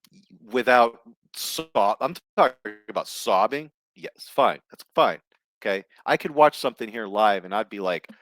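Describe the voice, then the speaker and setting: A man's voice: on the low side, animated, normal speed, fairly bright tone, no room sound. Profane, blunt man ranting solo. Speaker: host. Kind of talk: casual ranting commentary.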